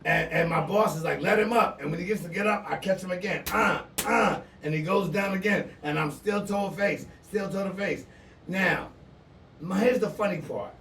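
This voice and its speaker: A middle-aged man with an East Coast US accent tells a story loudly and keeps the swearing coming. His voice sits fairly high. He is a bit away from the mic in a roomy, echoing space. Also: moderate pace, far from the mic, slight background noise. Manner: loud, animated, profane storyteller. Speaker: podcast co-host. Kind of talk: casual storytelling.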